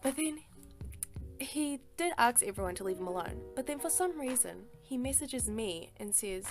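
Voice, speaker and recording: A woman's voice: fairly high pitch, animated, normal speed, faint music behind. A woman telling a personal story in a casual voice-over, emphatic and exasperated, swearing freely and filling her talk with "like" and "sis". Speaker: storytime artist.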